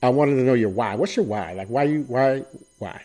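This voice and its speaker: A man hosting an interview show, speaking haltingly and repeating words as he builds toward his questions. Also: mid-range voice, dark tone. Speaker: podcast host. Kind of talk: casual interview chat. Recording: tinny phone line.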